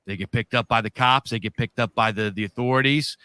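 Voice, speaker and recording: A man's voice: medium pitch, fairly quick, bright, forceful tone, clean tone, dry recording. A man co-hosting a podcast, telling a long story in a loose, profane, rambling way. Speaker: podcast co-host.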